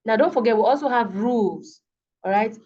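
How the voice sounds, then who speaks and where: A woman with a Nigerian accent gives an online English class, her high-ish, mellow voice moving fairly quickly. She patiently repeats words to show stress, uses frequent fillers and keeps checking in with "okay." The video call audio is dull and lo-fi.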